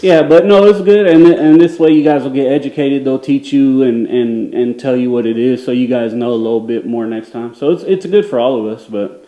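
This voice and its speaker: A man with a deep, mellow, dark-toned voice argues on camera with security in a government office. He lectures confidently about the law and stays unbothered. The sound rings in an echoey indoor room. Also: a little fast. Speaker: self-described journalist filming a public office. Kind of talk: confrontational on-camera argument. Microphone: handheld camera.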